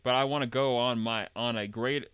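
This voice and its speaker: Brief: eager girl adventurer from a game read by a man, Southern drawl, slow, dry and close. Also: mid-range voice, fairly even intonation, fairly bright tone, smooth, dry recording, lightly acted. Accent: Southern US put-on.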